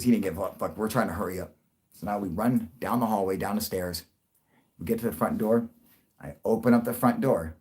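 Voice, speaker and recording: A young man telling a long story to his livestream viewers, rambling and swearing, with many restarts and sudden loud bursts. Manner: rambling, profane, restarts a lot, jumps into loud high bursts for quoted voices. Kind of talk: casual storytelling to a live audience.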